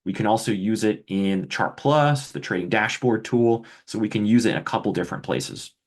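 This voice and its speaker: A man's voice: on the low side, moderate pace. A middle-aged man explaining a trading indicator in a conversational webinar style, often asking rhetorical questions. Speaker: trading educator.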